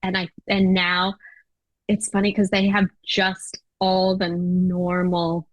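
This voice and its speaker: A woman's voice: lowish voice, completely flat delivery, slow, no room sound, rough recording. Chatty American woman, dry sound. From United States. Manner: chatty, many fillers and laughs. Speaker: podcast guest. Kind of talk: casual interview chat.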